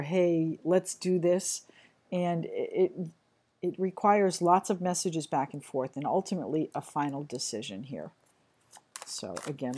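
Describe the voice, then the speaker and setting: Chatty woman reading tarot, somewhat low voice. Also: a little mellow. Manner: chatty, halting, apologetic, frequent restarts. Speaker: tarot reader. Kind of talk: casual tarot reading to camera.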